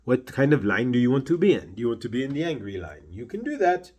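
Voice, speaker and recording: A man speaking as a spiritual channeler, delivering a slow, deliberate talk full of repeated questions. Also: mid-range voice, big pitch swings, a little mellow, husky.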